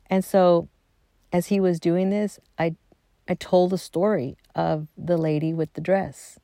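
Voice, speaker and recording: A middle-aged woman casually telling a personal family story, chatty and animated, acting out quotes and dropping into soft asides. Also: fairly low pitch, creaky, no room sound.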